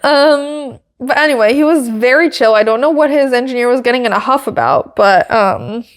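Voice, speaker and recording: A woman's voice: fairly high pitch, expressive, a little fast. Chatty young woman recapping races. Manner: chatty, frequent fillers and asides. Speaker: podcast host. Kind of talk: casual race recap chat.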